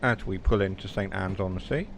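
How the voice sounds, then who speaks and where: A man's voice: sits low, brisk, vocal fry, noisy background. A man with a West Country English accent, chatting casually and rambling as he streams a train game, mocking himself now and then. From South West England. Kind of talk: casual live game commentary.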